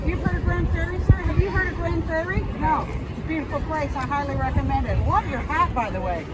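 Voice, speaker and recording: A street performer playing an overeager, chirpy woman reporter from Canada, chatting with passersby and cheering loudly at an outdoor festival. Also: high-pitched, fast, natural voice, rough recording. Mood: cheery. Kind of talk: comic street show banter. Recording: loud crowd and street noise outdoors.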